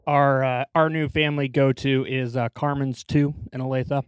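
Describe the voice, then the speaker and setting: A man's voice: medium pitch, little pitch movement, moderate pace, clean tone, no room sound, studio quality. A man co-hosting a casual podcast chat, talking in a chatty, rambling way with fillers. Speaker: podcast co-host.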